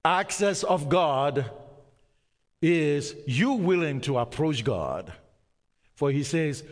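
Slow, emphatic male preacher in a hall. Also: a little high, lively intonation. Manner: slow, emphatic preaching with dramatic pauses and sudden drops to near-whisper. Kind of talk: sermon. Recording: long hall reverb.

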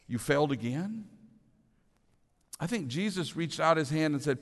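A man's voice: on the high side, a little slow, pauses often. Earnest male pastor in a reverberant hall. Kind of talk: sermon. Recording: long reverb of a large hall.

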